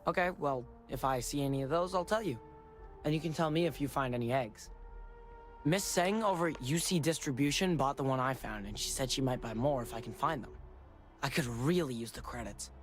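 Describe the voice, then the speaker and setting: A man's voice: mid-range voice, fairly quick, close to an everyday voice. An actor playing an eager, earnest young man hunting eggs in a video game. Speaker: game character. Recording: game audio with music behind.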